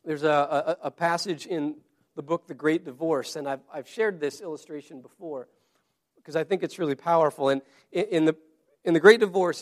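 A man preaching a sermon to a congregation, earnest, often repeating and restarting his words. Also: high-pitched. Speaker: pastor.

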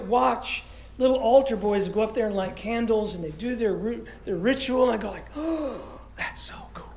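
A man preaching a sermon as pastor, stuffy-nosed and congested, in a lively, conversational way with many restarts. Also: high voice, vocal fry, roomy sound, slight background noise. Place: church sanctuary.

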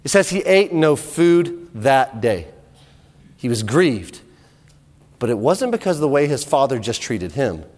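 A man preaching a sermon in animated storytelling style, often repeating words, in an echoey hall. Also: medium pitch, unhurried.

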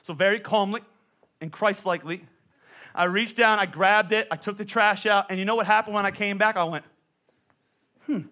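A man's voice: high voice, steady tone, fairly quick, bright, forceful tone. A man in his thirties preaching a sermon, telling a comic story with playful self-mocking asides. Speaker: pastor.

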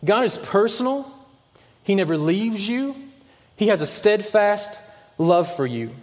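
A man preaching a sermon as pastor, earnest, sometimes dropping to a hushed voice on key points. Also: high voice, big pitch swings, a little slow, long reverb tail.

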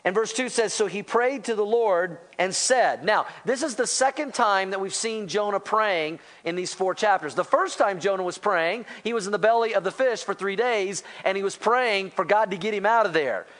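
High-voiced animated male preacher. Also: moderate pace, hardly any pauses. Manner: animated preaching, voices quotes, asks the congregation. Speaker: pastor. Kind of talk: sermon.

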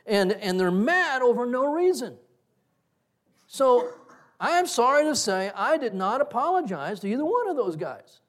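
A middle-aged man preaching a sermon, telling personal stories in an animated way and acting out the conversations in them. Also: very high voice, normal speed. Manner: animated storyteller, acts out quoted exchanges with laughter. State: breathes through one side of nose. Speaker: pastor.

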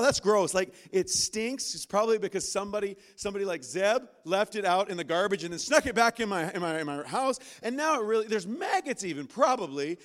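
A man preaching a sermon from a church stage, animated and acting out inner voices with sudden loud, high bursts. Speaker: pastor.

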